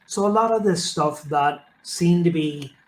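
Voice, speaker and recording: A man hosts a casual interview and searches for his words, restarting his sentences as he goes. His voice sits a little high for a man. Faint noise hums behind him. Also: unhurried, poor audio. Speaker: podcast host.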